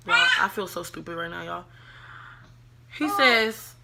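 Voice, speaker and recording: A woman vlogger telling a casual storytime, animated and chatty, talking straight to her viewers and dropping to whispers when she quotes herself. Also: fairly high pitch, moderate pace, gravelly, heavy background noise. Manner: profane, chatty, addresses viewers as y'all.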